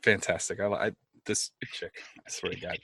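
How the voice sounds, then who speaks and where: A man playing a tabletop game, joking around in animated, profane banter. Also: deep voice, normal speed, gravelly, breathy edge, no room sound. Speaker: player.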